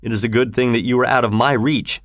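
A man's voice: medium pitch, fairly even intonation, quick pace, dry recording, clean studio sound, close to an everyday voice. A man voicing a fierce, brooding middle-aged master of the house in an audiobook reading. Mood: stern.

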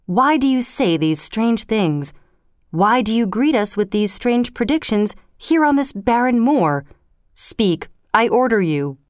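A woman's voice: fairly high pitch, sing-song, a little slow, dry recording, clean studio sound. A woman voicing Macbeth, an ambitious male warrior lord, demanding answers in an insistent, commanding way in a storybook reading.

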